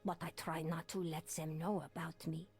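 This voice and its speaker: A superstitious old Creole woman in a point-and-click mystery game, with a French-tinged Creole English accent. Her voice is breathy and husky and keeps sinking to a hush, over faint background music. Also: deep voice, little pitch movement, normal speed. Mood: fearful. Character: fearful elderly Creole woman, superstitious and secretive.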